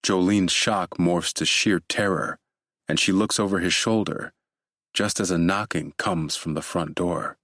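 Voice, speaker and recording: A man narrating a thriller audiobook in a measured, steady way. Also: sits low, dry recording, clean studio sound.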